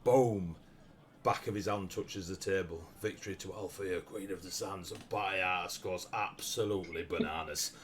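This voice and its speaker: A man running a tabletop game as game master, narrating the scene with a lively manner and frequent laughs. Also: low-pitched, moderate pace, slight background noise. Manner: lively, laughs often, bursts into shouted character lines.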